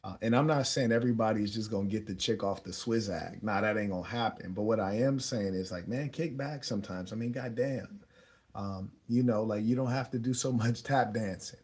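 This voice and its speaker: A young man telling a story as a dating advice host, relaxed and slangy, often chuckling as he talks. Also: on the low side, brisk, breathy edge. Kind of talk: casual storytelling monologue.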